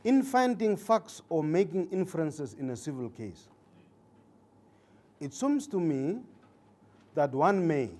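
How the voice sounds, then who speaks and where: A man, a judge, giving a legal training lecture to trainee judges, deliberate and repeating key points for emphasis, with some hesitant fillers. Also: on the high side, sing-song, mellow.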